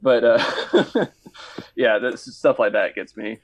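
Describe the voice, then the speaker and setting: A man's voice: mid-range voice, takes it slowly, slightly rough. A young man in casual podcast chat, rambling through anecdotes with many fillers. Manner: rambling storyteller, hesitant, laughs often.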